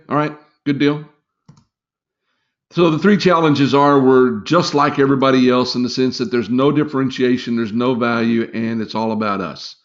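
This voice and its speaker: A middle-aged man training salespeople in a live webinar, chatty and encouraging, with lots of fillers. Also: mid-range voice. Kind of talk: casual live webinar talk. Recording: slightly dull lo-fi webinar audio.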